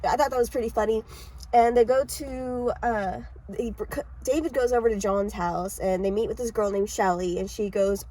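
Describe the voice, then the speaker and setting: A woman giving a casual book summary and then reading aloud, halting and mumbly, with frequent coughs and restarts. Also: fairly high pitch, steady tone, dark tone, poor audio. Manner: mumbly, self-described. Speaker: amateur reader.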